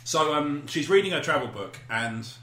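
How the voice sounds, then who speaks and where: A man's voice: on the high side, expressive, moderate pace, fairly bright tone, echoey room, a little hiss or hum. A man co-hosting a podcast, telling a casual story with frequent laughter and swearing. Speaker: podcast co-host. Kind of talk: casual chat.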